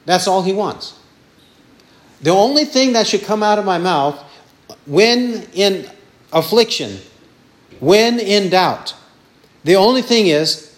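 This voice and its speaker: Slow, high-voiced man preaching a sermon. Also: lively intonation. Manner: emphatic, repeats lists of words for stress; asks questions and answers them himself.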